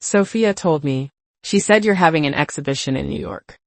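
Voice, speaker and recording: A woman voicing an exhausted, remorseful grown daughter in a spoken story, halting and hesitant. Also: sits low, expressive, vocal fry, no room sound.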